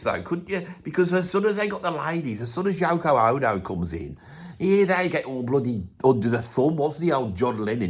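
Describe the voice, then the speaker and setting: A man's voice: on the high side, slightly rough. A man playing a grumpy older man from Birmingham with a Birmingham accent, ranting bluntly and swearing in a comic monologue. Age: 70s. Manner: blunt, grumbling, swears constantly. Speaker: comic character.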